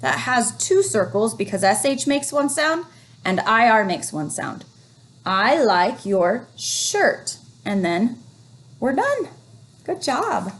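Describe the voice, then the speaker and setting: Slow patient lady teacher sounding out words for little kids, very encouraging. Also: a little high, very animated. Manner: slow, encouraging, drawn-out reading. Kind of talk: phonics lesson for young children.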